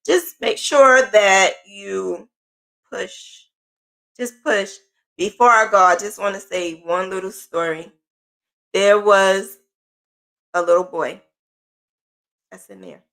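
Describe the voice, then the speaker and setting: A woman's voice: mid-range voice, slow pace, gravelly, pauses often, fairly bright tone. A woman mentor giving a casual, earnest motivational talk to her followers, encouraging them and repeating phrases for emphasis. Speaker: sewing business mentor.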